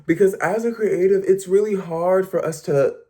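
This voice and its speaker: A young man talking to camera in a casual motivational vlog, chatty and playful, with lively slangy asides. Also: high-pitched, moderate pace. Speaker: vlogger.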